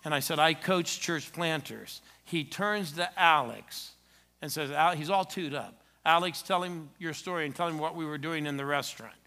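Middle-aged guy preaching in church, bright kinda high voice, tells stories all animated, gets loud then drops real quiet. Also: normal speed. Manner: animated storytelling with sudden loud and soft turns. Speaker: pastor. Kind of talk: sermon.

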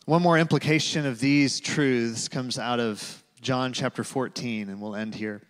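A man's voice: medium pitch, a little slow. Man preaching in a reverberant hall. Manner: conversational, with many fillers, dropping to a hush for quotes. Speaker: pastor. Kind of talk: sermon with personal storytelling. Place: large church auditorium.

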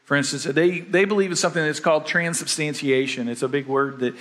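A man's voice: on the high side, quick pace, a bit bright. A pastor preaching a conversational sermon, often restarting his phrases.

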